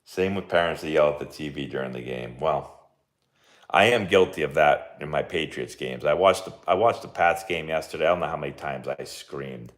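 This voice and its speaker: A man's voice: a bass voice, moderate pace. A young man, a baseball coach hosting a casual live watch-along and chatting with lots of fillers and laughs.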